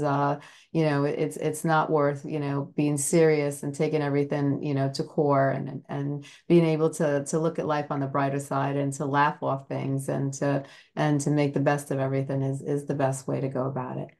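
A woman's voice: low voice, flat delivery, moderate pace, darkish tone. A woman hosting a podcast interview, talking earnestly and rambling with many fillers. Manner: rambling, full of "you know" fillers; earnest and admiring. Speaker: podcast host. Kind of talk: casual interview chat.

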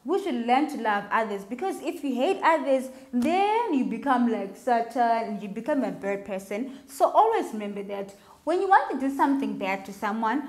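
Woman, children's Sabbath speaker, animated sing-song delivery aimed at kids, voice sitting a little high. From Zimbabwe. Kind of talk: children's sermon.

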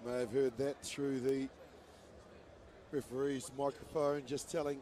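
A man giving live play-by-play commentary on a rugby match, excited and rising to shouts on attacking plays. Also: mid-range voice, a little slow. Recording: broadcast with loud crowd noise.

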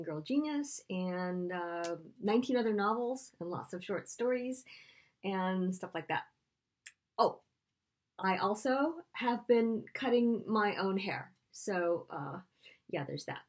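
A woman's voice: medium pitch, expressive, measured pace. A middle-aged woman author answering a list of questions in a chatty, playful, self-deprecating way. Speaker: children's author. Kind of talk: casual spontaneous Q&A video.

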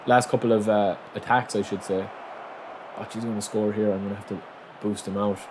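A man commentating on his own football video game match, excitable, calling his viewers lads and bursting into shouts at big moments. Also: lowish voice, fairly quick, noisy background. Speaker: gaming YouTuber.

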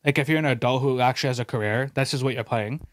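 A man hosting a podcast, telling stories in a casual, animated way, swearing freely and acting out quoted voices. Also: medium pitch, rapid-fire, no echo, clean studio sound. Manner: animated, profane, peppered with "bro" and "dude". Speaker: podcast host. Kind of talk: casual storytelling chat.

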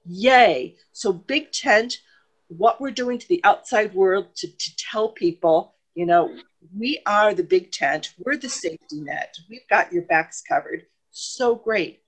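A woman's voice: mid-range voice, expressive, takes it slowly, slightly rough. A woman party member asking a question on a video call, emotional and hesitant, rambling with many ums and restarts. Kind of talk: question in an online meeting.

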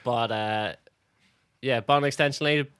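A man with a Northern Irish accent co-hosting a podcast, telling lively stories in casual chat. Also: mid-range voice, moderate pace, smooth, no room sound. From Northern Ireland. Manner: lively anecdotes with quoted voices, laughing. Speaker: podcast co-host.

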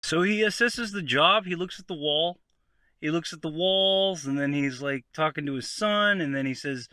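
A male comedian telling a story straight to the viewer in an animated, conversational comedy monologue. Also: on the high side, normal speed, smooth, no echo.

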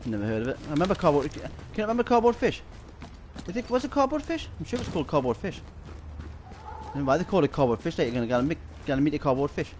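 A man with a Geordie accent chats while streaming a shooter game, rambling from story to story. He swears in nearly every sentence and laughs a lot. His voice sits a bit high, with faint noise behind it. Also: sing-song, racing, a little mellow. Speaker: gaming streamer.

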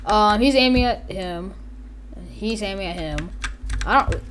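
A woman giving casual, rambling gameplay commentary as a YouTuber, excitable and quick to act out characters and sound effects. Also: mid-range voice, a little hiss or hum. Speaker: gaming YouTuber.

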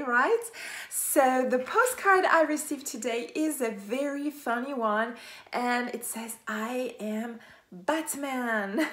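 High, slow, gushing woman vlogger. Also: a bit bright. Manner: enthusiastic, gasps and laughs often. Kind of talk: casual vlog chat.

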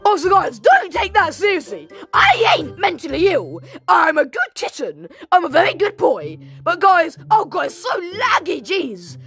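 A woman host giving goofy, shouty Let's Play commentary while playing a game. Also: very high voice, sing-song, measured pace, few pauses, soft background music. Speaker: gaming channel host.

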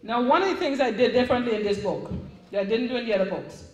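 A middle-aged woman with a Caribbean English accent, an author speaking to a live audience at a book signing in a chatty, animated way. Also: fairly high pitch, fast talker, distant mic. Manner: chatty, animated storytelling with restarts. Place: event room. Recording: echoey room.

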